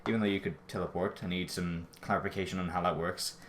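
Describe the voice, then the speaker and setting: A man giving a casual, rambling episode review, often correcting himself and apologizing, his voice jumping high when he gets out of breath. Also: fairly even intonation, fast, fairly bright tone. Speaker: show reviewer.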